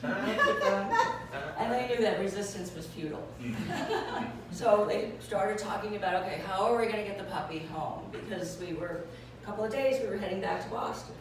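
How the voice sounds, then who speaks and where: Woman storyteller, lively, voices her characters, echoey hall, distant mic, noisy room. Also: mid-range voice, moderate pace. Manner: lively, acts out voices with laughter. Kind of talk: live personal storytelling.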